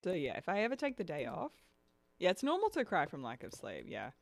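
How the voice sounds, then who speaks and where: A woman's voice: lowish voice, huge pitch swings, fairly quick, vocal fry, dry recording. A young woman streaming a game and chatting casually, laughing often and dropping lots of "like" and "dude". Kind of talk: casual chat while gaming.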